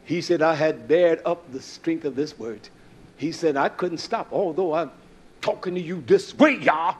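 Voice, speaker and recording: A man's voice: a little high, a little slow, breathy edge. A man preaching a sermon, telling folksy stories and acting out the quoted dialogue.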